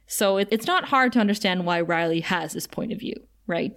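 A young woman talking casually on a podcast about a TV episode, with a voice of middling pitch. She is chatty and lively and quotes lines from the show. Her talk is quick and full of asides. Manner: chatty and animated, quoting characters with laughs. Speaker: podcast co-host recapping a TV episode. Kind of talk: casual chat.

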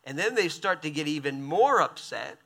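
A man preaching a sermon, reading scripture aloud and breaking in with quick, animated asides. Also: on the high side, creaky. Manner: animated, quick asides between read passages.

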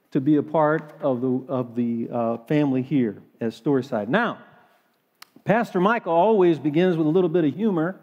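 A man's voice: on the high side, darkish tone, big-room sound, dull audio. A man preaching a sermon in a church, folksy and full of hesitant fillers. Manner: folksy, with frequent fillers and restarts. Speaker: guest preacher.

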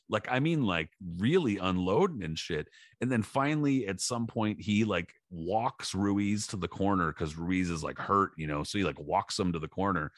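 Low-voiced man telling a profane story. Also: normal speed, few pauses, no echo, studio quality. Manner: profane animated storytelling, acting out shouted quotes. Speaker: podcast co-host. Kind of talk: casual podcast chat.

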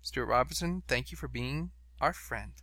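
Bright-voiced male podcast host. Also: mid-range voice, animated, normal speed, no room sound. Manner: chatty, reads out web pages, laughs often. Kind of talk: casual chat.

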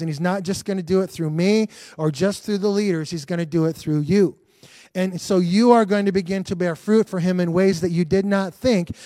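A man's voice: high voice, darkish tone, dry recording. A man preaching an earnest livestreamed sermon as pastor, repeating phrases and restarting sentences. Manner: earnest, repetitive, restarts often.

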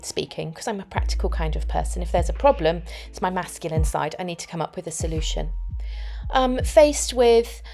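A woman's voice: lowish voice, expressive, a little fast, vocal fry, warm tone, faint music behind. A woman hosting her own podcast, telling personal stories in a reflective, anecdotal way from home. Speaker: podcast host. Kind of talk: solo podcast talk.

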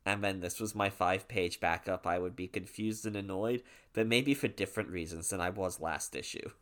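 A British man co-hosting a podcast, chatting about comics with animated, jokey asides. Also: deep voice, normal speed. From Britain. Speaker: podcast co-host. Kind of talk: casual comic book discussion.

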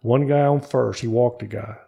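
A man's voice: mid-range voice, moderate pace, gravelly. A man, a guest in a studio interview, telling a long personal story and acting out the voices of the people in it. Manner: animated storyteller who acts out quoted voices.

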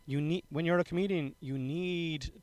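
A man hosting a casual interview, chatty and quick to steer the questions. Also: fairly high pitch, darkish tone, no echo. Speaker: podcast host, comedian.

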